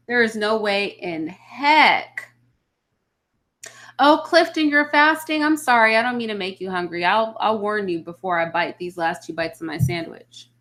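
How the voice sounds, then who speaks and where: Her voice sits in the mid range and sounds pushed and bright. She is an adult mother running a casual livestream, firing back at chat comments with blunt opinions.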